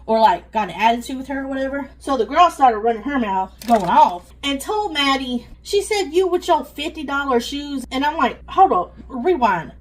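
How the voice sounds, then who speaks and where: A woman, rambling and venting in casual chat while she cooks at home. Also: sits high. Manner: chatty, venting, rambling with sighs. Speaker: vlogger. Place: home kitchen. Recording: noisy kitchen with frying sizzle. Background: sizzling frying pan.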